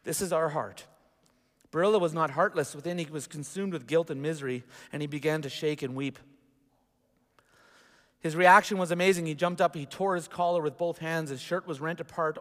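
Pastor preaching in a reverberant hall. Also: male voice, fairly high pitch, brisk, fairly bright tone. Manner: reads aloud with asides to the congregation. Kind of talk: sermon, reading a story aloud. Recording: long reverb of a large hall.

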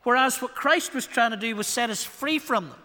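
A man's voice: very high voice, normal speed, bright, forceful tone. A man with a Northern Irish accent preaching a sermon as the church's pastor, wry and self-deprecating, with shifting emphasis. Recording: long reverb of a church hall.

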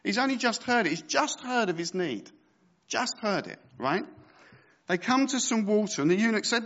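A man's voice: high-pitched, sing-song, normal speed, a bit bright, dull audio. A man preaching a sermon as pastor, reading scripture with conversational, joking asides.

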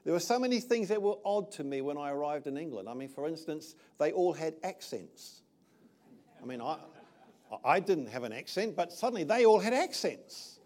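Older male pastor from New Zealand, high voice, casual sermon delivery. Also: animated, normal speed, a little mellow. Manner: conversational, checks in with "all right?".

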